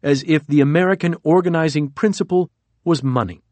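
Brief: male audiobook narrator, measured delivery, dead-dry booth sound. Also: on the high side, a little mellow, dry recording. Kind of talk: scripted narration.

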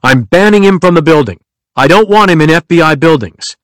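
A blunt, demanding older president who talks in brusque, repetitive bursts, as a male narrator reads him. The voice sits fairly high for a man, and the recording is dry and close. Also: animated, a little fast, no room sound, close to an everyday voice. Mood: indignant.

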